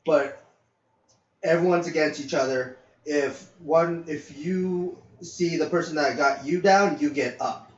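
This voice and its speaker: Telling a lengthy story about work, this male podcast co-host rambles in a casual way, using lots of fillers and some profanity. His voice is highish and a little slow, and the lo-fi mic makes it sound dull, distant and roomy.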